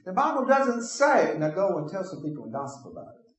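Preacher in an echoey hall. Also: male voice, fairly high pitch, big pitch swings, brisk. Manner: acts out imagined dialogues with congregation. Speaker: pastor. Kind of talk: sermon.

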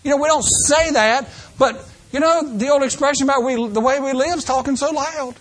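A man's voice: very high-pitched, a little fast, a bit bright. An older man preaching a folksy sermon, acting out people's excuses in mock voices.

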